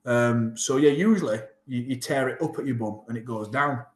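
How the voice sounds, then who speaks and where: A man's voice: medium pitch, moderate pace. A man in his thirties with a Yorkshire accent, a rugby player telling his story in a casual interview, acting out what people said. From England. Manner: animated, acts out quoted dialogue. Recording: roomy echo.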